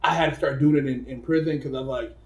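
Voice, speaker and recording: A man hosts a loose, conversational interview, his voice sitting at an ordinary middle pitch. He talks in relaxed street slang and stumbles over repeated words as he starts his questions. The room around him rings with a noticeable echo. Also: fast talker, lo-fi sound. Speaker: interview host. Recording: echoey room.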